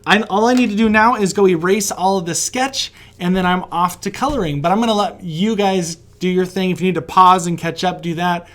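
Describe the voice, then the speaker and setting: Brisk and barely pausing, a kids' art teacher from West Virginia sketches as he teaches, his voice high and fairly bright. He comes across as friendly and talkative, encouraging the children and laughing often.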